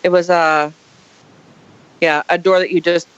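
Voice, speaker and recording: A woman guest on a podcast, telling a story casually with dramatic, animated flair and acted-out quotes. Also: on the low side, a little slow, clean tone, no echo. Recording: dull lo-fi podcast audio.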